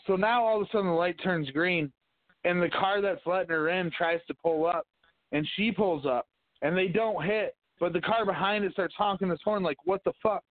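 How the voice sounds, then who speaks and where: A man's voice: high voice, normal speed, dry recording. A man co-hosting a casual podcast chat, telling profane, ranting stories and arguing. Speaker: podcast co-host. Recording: dry, phone-like tinny audio.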